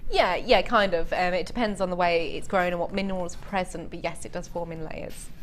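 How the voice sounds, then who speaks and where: Enthusiastic gem-expert co-host. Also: female voice, on the low side, fairly even intonation, a little fast, slight background noise. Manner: enthusiastic, knowledgeable about gemstones. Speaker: jewelry co-presenter. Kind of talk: live TV sales chat.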